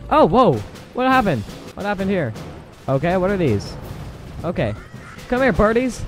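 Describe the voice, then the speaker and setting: A young man casually commenting on a game as he plays, excitable and quick to exclaim. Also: sits high. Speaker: gameplay commentator. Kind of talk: casual let's play commentary. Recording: game music and gunfire loud behind voice. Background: game music and gunfire.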